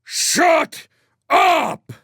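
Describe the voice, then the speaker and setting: A man voicing a gruff male squad leader who barks short, shouted orders in a storybook reading. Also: very high voice, lively intonation, unhurried, no room sound, studio quality, pitched above the performer's own voice, heavily acted. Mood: screaming. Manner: curt shouted commands.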